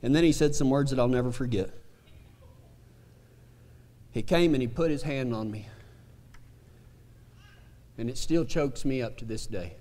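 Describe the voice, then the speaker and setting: A man preaching a sermon, telling a funny story in a folksy, animated country way. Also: mid-range voice, a little slow, long pauses. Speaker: pastor. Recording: reverberant hall.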